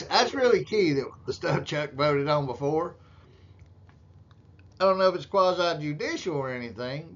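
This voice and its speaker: Guy snarking over a meeting video, kinda high voice, muffled lo-fi audio w some hiss. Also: fairly bright tone. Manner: mocking, crude, drawling, puts on voices for others. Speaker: commentator narrating meeting footage. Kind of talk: sarcastic running commentary. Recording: dull lo-fi audio with faint hiss.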